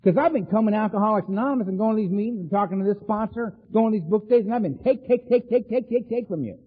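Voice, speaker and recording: A middle-aged man with an animated, laughing storytelling manner, speaking at a recovery meeting. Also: high-pitched, fast talker. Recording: phone-like sound in a long-reverb hall.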